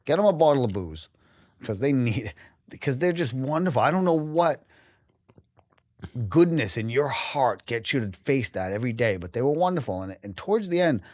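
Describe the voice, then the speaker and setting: A man's voice: mid-range voice, a little mellow, no room sound, studio quality. A man from New England, a guest on a podcast, telling his story candidly and emotionally, swearing freely and often breaking off and restarting.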